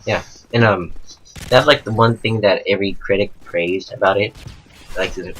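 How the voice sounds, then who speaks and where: A man with a low voice talks casually about video games. He rambles and restarts his sentences, leaning on fillers. There is a faint noise under the recording. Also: normal speed, a bit bright, poor audio. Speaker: co-commentator. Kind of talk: casual gaming chat.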